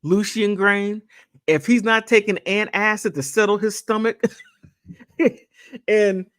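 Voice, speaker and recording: Brief: woman host, slow rambling commentary, repeats herself, mid-pitched. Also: fairly even intonation, a bit bright. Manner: rambling, repetitive, chatty asides. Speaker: channel host. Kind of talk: casual commentary monologue.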